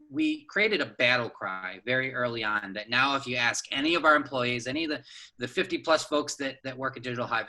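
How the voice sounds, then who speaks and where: A man speaking as a business co-founder and guest in a casual interview, upbeat and energetic, often adding "you know" and "right?" as he talks. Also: mid-range voice, poor audio. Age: adult with children.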